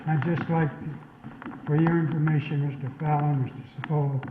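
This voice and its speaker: An older man, a resident speaking at a town public hearing, reading a prepared statement in a formal, measured and slightly halting way. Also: on the high side, little pitch movement, heavy background noise. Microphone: podium mic, later table mic. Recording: dull lo-fi local broadcast audio.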